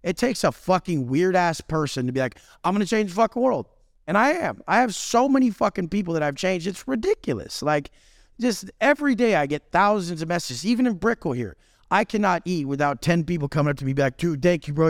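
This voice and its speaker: A brash, profane man talks in an intense, swaggering rush. His voice sits a bit high and swings widely in pitch. The sound is close and dry, with no room echo. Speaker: podcast guest. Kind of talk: casual chat.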